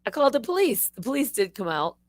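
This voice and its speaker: A woman streamer telling a story in a loose, animated way, cursing freely and jumping up high when she quotes herself. Her pitch swings widely. The sound is dry and close, with no room around it. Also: fast, no echo. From Michigan. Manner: animated, swearing, quoting herself in high excited bursts. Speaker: livestream host, former wildlife TV host. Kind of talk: casual livestream storytelling.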